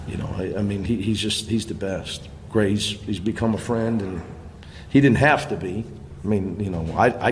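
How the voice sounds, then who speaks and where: A man, a basketball coach, speaking at a press conference in a rambling, halting way. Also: fairly low pitch, long reverb tail, a little hiss or hum.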